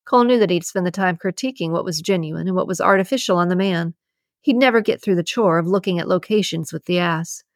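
A woman narrating a romance audiobook in a steady, even storytelling manner. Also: on the low side, fast talker, no room sound, clean studio sound. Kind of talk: scripted narration.

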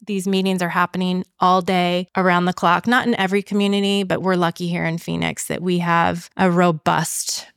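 A woman with a lowish voice and a gravelly edge shares her story in a relaxed podcast chat. She talks reflectively, often pausing and restarting. The sound is close and dry. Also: no room sound. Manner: reflective, many fillers and restarts. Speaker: guest. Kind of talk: casual podcast conversation.

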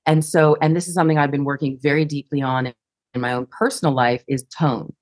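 A woman with a notably low voice speaks as a guest in a podcast interview. She explains her ideas earnestly and reflectively, in a dry, close-miked sound. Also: steady tone, brisk, no room sound. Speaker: guest, sales educator.

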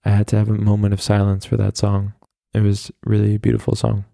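A young man rambles through a solo podcast in a low, gravelly voice that stays flat and even. His tone is dark and mellow, and he pokes fun at himself. The sound is dry and close, with no room echo. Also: fast. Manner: rambling, self-deprecating, chatty with many fillers. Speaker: podcast host. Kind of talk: casual solo podcast monologue.

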